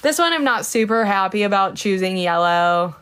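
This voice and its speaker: A woman's voice: medium pitch, animated, moderate pace, a bit bright, clean tone. A woman chats loosely on a live stream as she shows her coloring pages. She greets viewers by name, swears casually, and giggles now and then. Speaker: livestreamer. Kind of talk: casual livestream chat.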